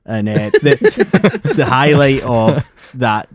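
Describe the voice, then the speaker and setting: A man's voice: medium pitch, sing-song, slow, no echo. A Scottish man co-hosting a podcast, telling wry, self-deprecating stories with plenty of swearing. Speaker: podcast co-host. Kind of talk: casual chat.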